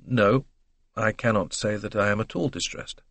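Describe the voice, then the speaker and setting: A calm, reserved young Englishwoman whose answers are brief and composed, as a male reader puts her on. The voice is lifted a little above his own, recorded close and dry. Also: fairly low pitch, normal speed, dry recording. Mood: cool. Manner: cool, brief, composed replies.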